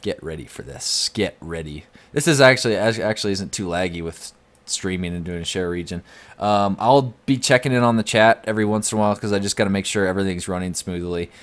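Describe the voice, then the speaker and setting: Young man, low voice, casual live-stream chat, reads chat aloud, desk mic. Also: brisk. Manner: rambling, reading out the chat.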